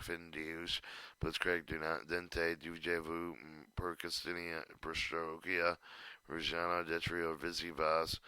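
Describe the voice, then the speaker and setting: Very deep-voiced man reading quickly. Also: sharp tone, clear, resonant tone, no room sound. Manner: stumbling, halting read with restarts and fillers. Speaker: reader of a style guide. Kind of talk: reading a manual aloud.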